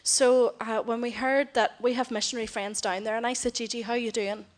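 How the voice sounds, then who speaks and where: A middle-aged missionary woman, her voice fairly high, steady and brisk, gives a heartfelt mission report to a church congregation. She tells her stories with feeling and voices the people she quotes.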